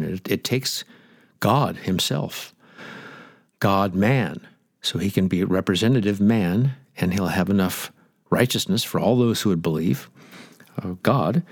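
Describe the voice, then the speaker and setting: A man's voice: sits low, slightly rough, no room sound, clean studio sound. A man preaching a sermon, stressing his points and asking the listeners direct questions. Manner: emphatic, rhetorical questions to listeners.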